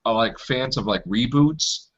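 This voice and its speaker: A man hosting a casual chat show, talking in an animated way. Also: a little slow. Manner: animated, jumping pitch when joking. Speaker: show host. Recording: dull lo-fi recording.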